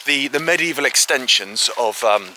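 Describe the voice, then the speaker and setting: A man hosting a walking exploration video outdoors, chatting excitedly to a handheld camera with frequent filler asides. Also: medium pitch, moderate pace, a little hiss or hum. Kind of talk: casual walk-and-talk to camera. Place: outdoors in fields, woods and an old quarry.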